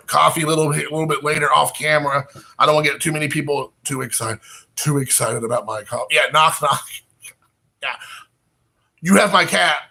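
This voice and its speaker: A bright, slightly high male voice that rambles through a casual vlog, talking straight to his viewers from home. He jokes at his own expense and hops loosely from one thought to the next. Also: gravelly. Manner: rambling, self-mocking, chatty with viewers. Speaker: channel host.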